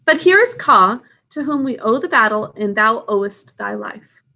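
A woman's voice: on the high side, animated, normal speed, gravelly, pushed and bright, exaggerated voice. A woman voicing a proud black panther with a clipped, dry way of speaking in a storybook reading.

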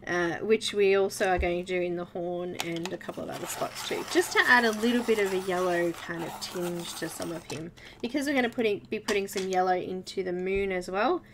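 An Australian woman with a fairly low voice hosts a live colouring tutorial, speaking at a normal speed over some background noise. She chats and giggles with viewers while she works, keeping it casual.

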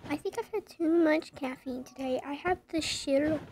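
A woman's voice: sits high, moderate pace, a little mellow, slight background noise, poor audio. A woman reading funny text messages aloud with playful, laughing, exaggerated reactions. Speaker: comedy video narrator.

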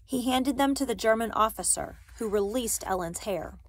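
A woman reading a novel aloud, careful and steady, with occasional small slips she corrects. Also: a little high, moderate pace, breathy edge, no room sound. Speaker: reader.

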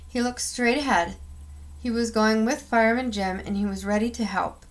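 Expressive woman reading a picture book. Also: on the high side, moderate pace. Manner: expressive, acts out sound effects. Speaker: storyteller.

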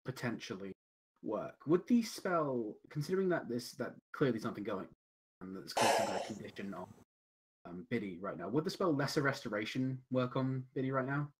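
A man's voice: mid-range voice, breathy edge. A man playing a tabletop game, describing his character's actions carefully with many fillers. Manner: lots of fillers, careful and deliberate. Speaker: player.

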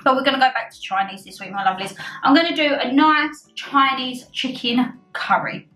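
A woman's voice: high voice, moderate pace, pushed and bright, faint music behind. A woman vlogging casually to camera over dinner, chatty and self-mocking, talking with her mouth full. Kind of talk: casual chat to camera while eating.

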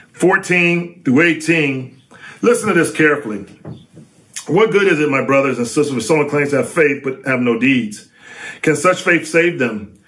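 A middle-aged man preaching a sermon, emphatic and lively, with sudden rises for stress. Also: a little high.

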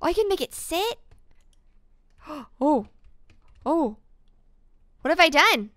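A young woman hosting a modded block-building game session, gushing and gasping over cute animals in excited chat. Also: high voice, slow pace, no echo, studio quality. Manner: gushing, squealing over cute things, frequent gasps.

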